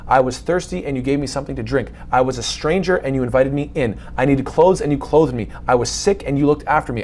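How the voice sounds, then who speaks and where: A man's voice: mid-range voice, darkish tone, a little hiss or hum. A man giving a lecture, reading scripture passages aloud and commenting on them with rhetorical questions. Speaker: Islamic lecturer.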